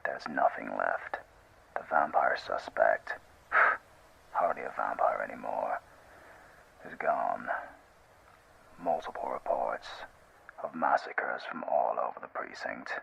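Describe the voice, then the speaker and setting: Man doing a whispered role-play log recording, super deep gravelly voice, slow and tired, lo-fi. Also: slight background noise, exaggerated voice. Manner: weary, sighing, hushed. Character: grim male corporate log recording.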